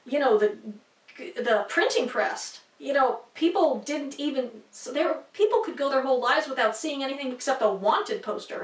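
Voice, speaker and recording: Chatty female Bible teacher, high pitch, recorded from a distance in a reverberant room. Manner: chatty, with fillers and asides, checking in with "okay?" and "right?". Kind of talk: casual classroom explanation. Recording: echoey room, mic at a distance.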